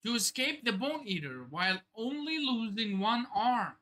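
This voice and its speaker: A man reading a manga chapter aloud on a live stream, reacting with excited outbursts and casual swearing. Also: extremely high pitch, moderate pace.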